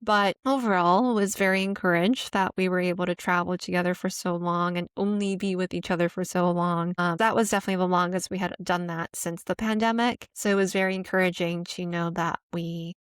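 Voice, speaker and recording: A young American woman, soft-spoken and conversational, talking through her thoughts in a casual vlog from her apartment. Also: on the low side, steady tone, a little fast, few pauses, smooth, no room sound, clean studio sound. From United States. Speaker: vlogger. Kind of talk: casual reflective monologue. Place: apartment room.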